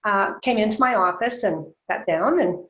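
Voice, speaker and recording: Casting note: woman in her 60s, animated storyteller on a video call, echoey and slightly muffled. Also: mid-range voice, normal speed. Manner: animated, laughs often, acts out quoted dialogue. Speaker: guest.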